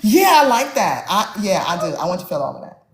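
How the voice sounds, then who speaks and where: A woman author in a casual interview, telling stories with animated energy. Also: lowish voice, fast talker, reverberant, a little hiss or hum. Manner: animated storyteller, acts out quotes. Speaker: author guest.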